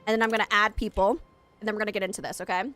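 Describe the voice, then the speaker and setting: A woman's voice: mid-range voice, little pitch movement, rapid-fire, bright, forceful tone, soft background music. A young adult woman streaming a game, chatting casually and rambling straight to her viewers. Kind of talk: casual live-stream chat.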